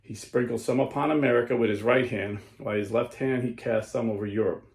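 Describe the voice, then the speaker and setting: A man's voice: mid-range voice, steady tone. A man hosting a Catholic commentary show, reading a historical account dramatically and then explaining it plainly. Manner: slows and stresses lines when reading aloud, then explains plainly. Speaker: host of a Catholic commentary channel. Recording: roomy echo.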